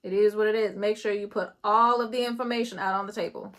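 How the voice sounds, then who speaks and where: A woman's voice: mid-range voice, steady tone, fast talker, fairly bright tone. A woman doing a casual tarot reading. She talks in a chatty, loose way, laughs often and swears casually. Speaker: tarot reader.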